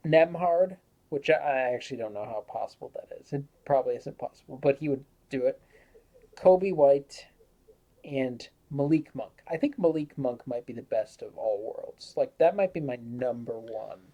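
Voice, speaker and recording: A man's voice: medium pitch, normal speed, dark tone. A man co-hosting a casual sports podcast, easygoing as he talks through his ideas. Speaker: podcast co-host.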